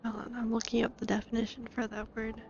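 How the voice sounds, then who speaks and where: A shy young woman in her twenties chatting hesitantly and softly on a game stream. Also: fairly high pitch, little pitch movement, fast, vocal fry. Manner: soft-spoken, shy and hesitant. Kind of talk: casual game stream chat. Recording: dull lo-fi mic audio. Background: faint game music.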